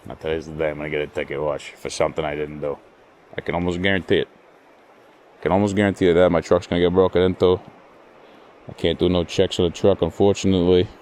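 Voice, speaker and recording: Deep-voiced man grumbling outdoors. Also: flat delivery, fast talker, a little mellow, slight background noise. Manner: grumbling, frustrated, profane muttering to himself. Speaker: fishing vlogger. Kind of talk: casual solo commentary. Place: outdoors by cold water.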